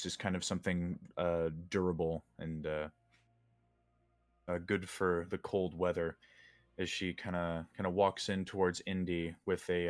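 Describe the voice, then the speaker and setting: A man narrating a tabletop game as game master, halting with many fillers. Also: sits low, dry recording.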